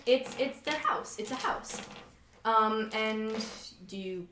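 A woman's voice: on the high side, animated, slow, roomy sound, noisy background. A young woman narrating as game master of a tabletop game, hesitant and full of fillers.

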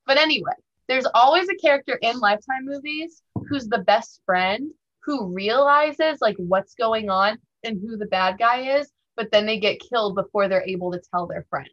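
A chatty woman guest with a slightly high voice talks through her band's plans in an upbeat, casual way. The sound is dull and lo-fi. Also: normal speed, hardly any pauses, fairly bright tone. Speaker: band member guest. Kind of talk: casual podcast interview. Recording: dull lo-fi audio.

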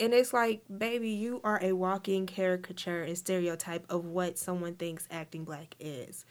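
A woman's voice: lowish voice, steady tone, normal speed, few pauses. A young woman co-hosting a podcast in casual chat, telling stories animatedly with quoted voices. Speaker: podcast co-host.

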